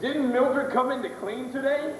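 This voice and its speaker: A man's voice: very high voice, moderate pace. A man playing an exasperated middle-aged husband in a staged reading. He sounds incredulous and sarcastic. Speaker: actor in a recital. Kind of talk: readers' theatre stage reading. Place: auditorium stage. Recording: roomy hall, distant mic, hissy old tape.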